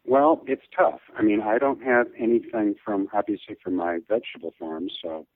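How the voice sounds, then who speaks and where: A man's voice: on the low side, a little fast, no room sound. A man being interviewed as an olive oil distributor, talking earnestly and enthusiastically with frequent restarts. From Midwest US. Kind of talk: podcast interview. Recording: tinny phone line.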